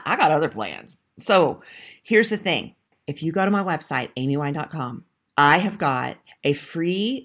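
Animated, low-pitched woman coaching couples. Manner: emphatic, direct, addresses listeners as "you". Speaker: marriage coach and podcast host. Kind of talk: solo podcast talk with a sign-up pitch.

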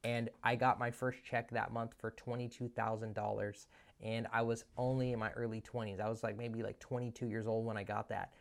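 Business coach in his thirties, chatty storyteller, animated delivery, mid-pitched voice. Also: a little fast, gravelly. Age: 30s. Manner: animated, restarts often, acts out the dialogue. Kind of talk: casual storytelling monologue.

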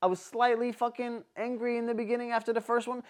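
A young man telling a story in casual chat, animated and swearing a lot. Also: very high voice, fast talker. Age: young adult.

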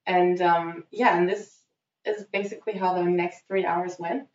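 A young woman telling a story in casual chat, animated and swearing freely as she acts out what others said. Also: on the low side, unhurried. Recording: dull roomy recording.

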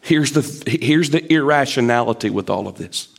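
A man preaching a sermon, emphatic, climbing high as he drives a point home and acting out the prophet's complaints. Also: animated, normal speed, vocal fry.

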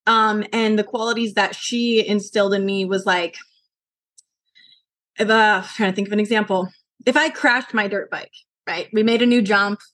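A woman's voice: medium pitch, normal speed. Earnest woman telling family stories. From Colorado, USA. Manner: earnest, animated storytelling with many "like" fillers. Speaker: podcast guest, martial arts instructor. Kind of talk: casual interview talk.

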